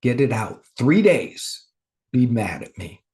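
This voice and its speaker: A man doing a gentle, firm inner voice of God. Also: mid-range voice, expressive, slow.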